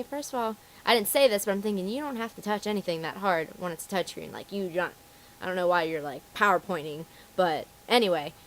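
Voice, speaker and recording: A young woman who works at a retail phone store tells stories about rude customers in a casual vlog, acting out their voices. Her voice sits at medium pitch with a fairly bright tone.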